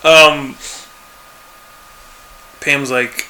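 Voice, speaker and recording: A man co-hosting a podcast recaps a TV episode in casual chat, laid-back and chuckling as he acts out quoted lines. His medium-pitched voice stays fairly even, and he speaks slowly with long pauses. The background is noisy.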